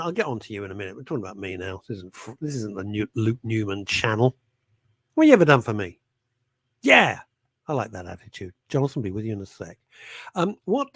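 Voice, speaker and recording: A man's voice: medium pitch, dry recording. A middle-aged man hosting a radio show, rambling and self-mocking with jokey asides. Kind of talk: chatty live radio presenting.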